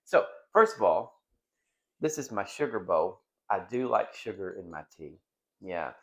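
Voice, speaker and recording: A man's voice: fairly low pitch, very animated, unhurried, fairly bright tone. A middle-aged man hosting a casual home vlog from his dining room, chatty and rambling, often breaking into giggles. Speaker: vlog host.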